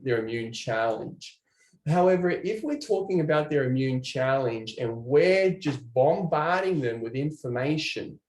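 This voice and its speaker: A man giving an online training presentation, animated and chatty, talking to viewers in the chat. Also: medium pitch, reverberant.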